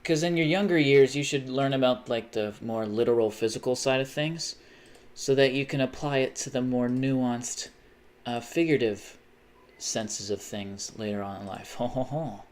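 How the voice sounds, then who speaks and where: A man's voice: mid-range voice, normal speed. A man streaming live while he plays a game, rambling in a self-mocking way and chanting silly repeated noises. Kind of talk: casual live-stream chat while gaming.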